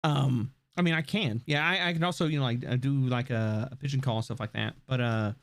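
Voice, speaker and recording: A man with a gravelly voice chatting casually on a live stream, talking theatrically and swinging between a bright stream voice and a low natural one. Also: a little fast, no echo.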